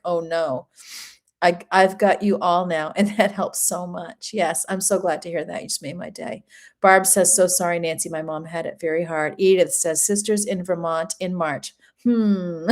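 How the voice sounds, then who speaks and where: Chatty woman host reading viewer comments. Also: fairly low pitch. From Maine. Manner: chatty, reads viewer comments aloud and answers them warmly. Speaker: home and lifestyle channel host. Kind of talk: casual livestream chat.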